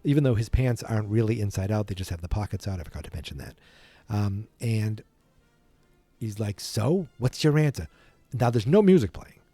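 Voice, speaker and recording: Rambling man with a mellow voice. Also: fairly low pitch, very animated, a little fast, breathy edge, dry recording, faint music behind. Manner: rambling, self-correcting, playful. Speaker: podcast host. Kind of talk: casual retelling from memory.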